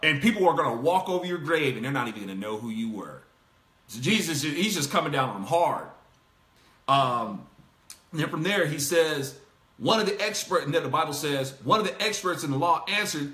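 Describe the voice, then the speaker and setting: Animated man with a bright voice. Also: on the high side, fairly quick, reverberant. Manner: animated, laughing, acts out quotes. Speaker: host. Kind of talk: casual Bible discussion.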